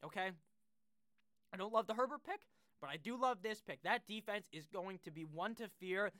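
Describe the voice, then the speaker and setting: A young man giving casual, rambling commentary as a sports fan creator, profane and quick to poke fun at himself. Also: sits high, sharp tone, clean tone, no room sound, studio quality. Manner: rambling, profane and self-deprecating. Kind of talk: casual draft-pick commentary.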